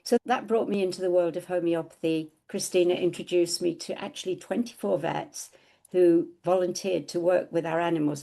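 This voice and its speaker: A middle-aged woman co-hosts a podcast, telling a personal story in a casual, animated way and acting out the quoted dialogue. Her voice is fairly low-pitched and creaky.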